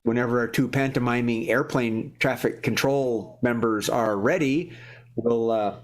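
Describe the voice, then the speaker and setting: A man with a mid-range voice speaks a little slowly in a warm indoor studio. He's hosting a live improv comedy show, rambling and joking with lots of restarts.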